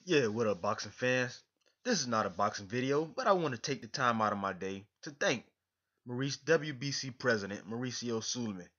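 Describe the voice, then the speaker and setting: A man's voice: medium pitch, lively intonation, fairly quick, fairly bright tone. A man talking straight to camera in a vlog, effusive and emotional, repeating himself and dropping "man" at the ends of sentences. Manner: effusive, repetitive, keeps saying "man"; emotional, grateful. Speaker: boxing fan vlogger. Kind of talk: direct-to-camera vlog address. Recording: dull lo-fi recording.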